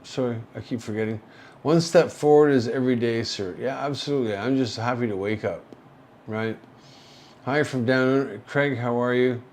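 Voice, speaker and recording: A man from Canada hosting a casual livestream from a hospital room, rambling slowly with many fillers, drowsy and slurring from painkillers. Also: mid-range voice, darkish tone, slight background noise. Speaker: livestream host. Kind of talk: casual livestream chat reading viewer comments.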